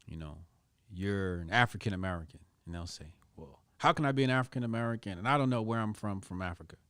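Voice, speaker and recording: A man appearing as a guest, telling stories in a relaxed, casual way and often saying "like". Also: fairly low pitch, quick pace, smooth, no echo, studio quality. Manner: relaxed, peppers speech with "like". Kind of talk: casual conversational storytelling.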